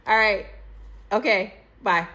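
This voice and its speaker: A woman's voice: medium pitch, slow pace, bright, forceful tone. A young woman telling a dating story over a phone video call in a candid, chatty, profane way, calling her listener "girl" and "baby". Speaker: storytime vlogger.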